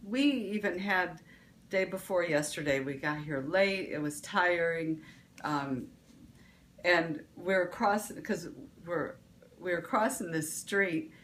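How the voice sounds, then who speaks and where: A woman's voice: lowish voice, slow pace, fairly bright tone, slight background noise. A woman vlog host, giving a casual motivational talk, rambling with restarts and fillers.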